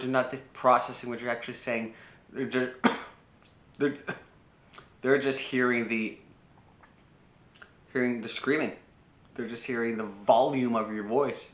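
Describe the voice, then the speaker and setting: Bright-voiced man giving parenting advice. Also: medium pitch, echoey room, dull audio. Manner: speaks freely with restarts, acts out brief quoted lines. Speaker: personal growth speaker. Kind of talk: casual spoken advice talk.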